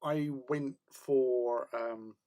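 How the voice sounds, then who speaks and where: A man hosting a casual hobby livestream at his painting desk. He rambles in a chatty way with plenty of ums and soft laughs, and greets viewers from the chat. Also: medium pitch, steady tone, drawn-out words.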